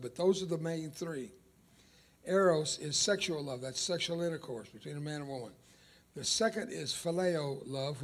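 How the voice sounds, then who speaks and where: An older man whose first language is Spanish, preaching an emphatic sermon with dramatic pauses and stretched key words. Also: a little high.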